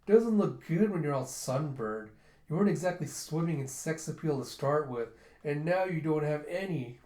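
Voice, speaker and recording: A blunt young bodyguard mocks his charge in a dry, teasing way, read by a man. The voice sits a little high, and the room is echoey. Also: animated, normal speed, mellow, natural voice. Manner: dry, mocking.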